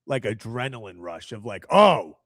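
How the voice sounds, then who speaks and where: A man's voice: medium pitch, lively intonation, unhurried, no echo. Easygoing man in his twenties, dry sound. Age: 20s. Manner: easygoing, storytelling with many fillers. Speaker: sports talk show co-host. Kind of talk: casual chat.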